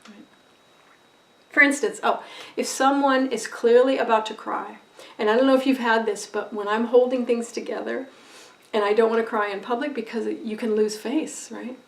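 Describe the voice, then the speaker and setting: A woman teaching a recorded lesson on empathy, expressive and conversational, often checking in with "right?". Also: fairly high pitch, moderate pace, vocal fry. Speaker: empathy educator. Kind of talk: recorded lecture video. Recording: roomy echo, voice from a distance.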